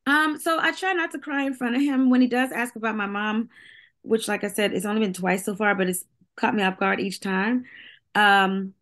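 A woman's voice: medium pitch, a bit bright. Chatty middle-aged woman, candid. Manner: chatty, full of "like" and restarts, laughs often. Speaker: singer and guest. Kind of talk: candid casual chat.

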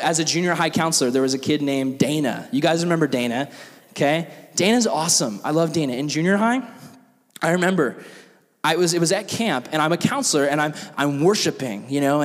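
A man's voice: a little high, in a large hall. A young man giving a youth sermon, telling stories with lots of acted-out quotes and filler "like"s. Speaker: youth pastor.

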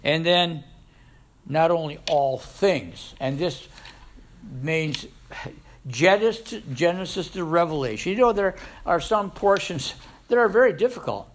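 A man preaching a sermon as a pastor, with sudden loud rises and soft drops. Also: fairly high pitch, animated, measured pace.

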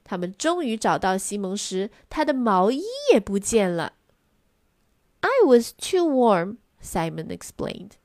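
A woman reading a children's storybook aloud in two languages, in a gentle, expressive read-aloud manner. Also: mid-range voice, moderate pace, hardly any pauses, dry recording, studio quality. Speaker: storyteller for children's English lessons.

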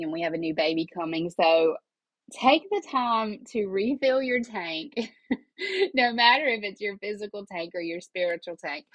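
A woman's voice: lowish voice, fairly bright tone, no room sound, low-quality recording. A middle-aged woman, talking casually and emotionally as a podcast host, rambling from one thought to the next. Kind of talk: casual personal talk.

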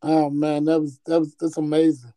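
A man hosting a podcast, reacting with encouragement and asking quick follow-up questions in casual chat. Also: fairly high pitch, completely flat delivery, dark tone, no room sound. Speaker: podcast host.

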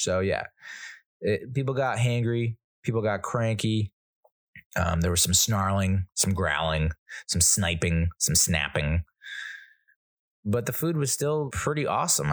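A middle-aged man hosting a podcast, telling a rambling, self-correcting funny story and chuckling at his own jokes. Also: low-pitched. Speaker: podcast host. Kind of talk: casual storytelling monologue.

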